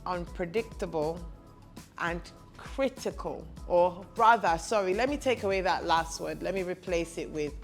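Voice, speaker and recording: A woman's voice: lowish voice, normal speed, faint music behind. A woman hosting a podcast, speaking casually and with feeling to the camera. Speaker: podcast host.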